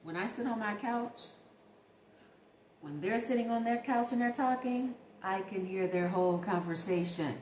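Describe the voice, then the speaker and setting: A woman's voice: medium pitch, moderate pace, darkish tone, slight background noise. A woman vlogger telling a story in a chatty, emphatic way, talking straight to her viewers. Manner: chatty, emphatic, addresses viewers as baby and y'all. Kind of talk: casual storytime monologue. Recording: echoey room with faint ambience.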